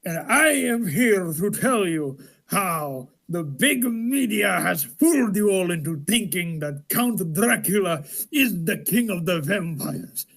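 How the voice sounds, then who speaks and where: A man's voice: high-pitched, lively intonation, slow, creaky, fairly bright tone, exaggerated voice. A man performing as a boastful vampire who claims Dracula's deeds, in a grandiose theatrical monologue. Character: boastful secret vampire rival of Dracula, male. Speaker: improv performer. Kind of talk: live improv monologue.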